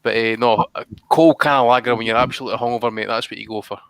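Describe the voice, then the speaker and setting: A man's voice: mid-range voice, flat delivery, very fast, a bit bright, smooth, no echo. A man telling rowdy, profane drinking stories in casual live-stream banter. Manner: boisterous, sweary storyteller. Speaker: regular panelist.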